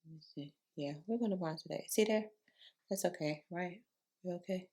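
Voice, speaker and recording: Chatty woman, low morning voice. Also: normal speed, mellow. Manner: chatty, addresses viewers as y'all. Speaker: beauty vlogger. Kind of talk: casual makeup tutorial chat.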